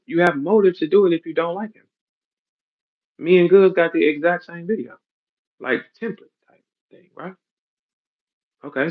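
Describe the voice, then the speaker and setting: A man ranting bluntly in a heated podcast, heavy with profanity and street slang, explaining a business dispute. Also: fairly high pitch. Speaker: battle rap league owner. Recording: dull lo-fi audio.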